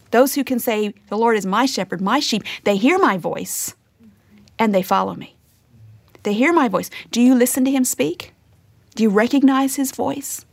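A woman teaching a sermon, earnest, often dropping to a hushed whisper to stress a point. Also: a little high, dry recording. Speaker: Bible teacher.

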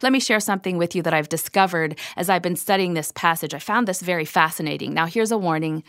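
A middle-aged woman teaching the Bible in a studio, earnest and expressive, sometimes dropping to a whisper for emphasis. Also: fairly low pitch, quick pace, no room sound.

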